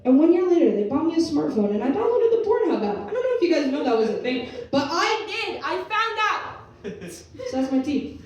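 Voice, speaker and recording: A high-voiced young woman spins a comic story on stage, her pitch leaping as she acts out relatives. She is picked up from across an echoey room. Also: brisk. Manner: animated, swearing, acts out family members' voices. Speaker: comedian telling a story. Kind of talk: storytelling at a live comedy show. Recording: echoey room from far off the mic.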